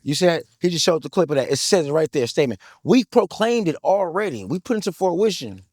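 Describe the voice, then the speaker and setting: A man in his thirties telling his story in an interview, excitable and hyped, full of "like, like" fillers, street slang and swearing. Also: a little high, brisk, no room sound, clean studio sound.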